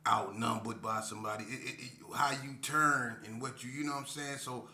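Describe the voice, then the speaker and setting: A man's voice: medium pitch, fairly even intonation, a little fast, sharp tone. A man telling prison stories casually, rambling and repeating "man" and "you know what I'm saying". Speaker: storyteller vlogger. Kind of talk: casual storytelling. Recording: roomy echo.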